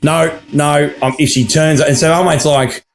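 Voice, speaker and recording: A man's voice: a little high, fairly even intonation, moderate pace, vocal fry. An Australian man co-hosting a podcast, telling stories in a sweary, ranting way and acting out the people he quotes. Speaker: podcast co-host. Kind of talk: casual chat.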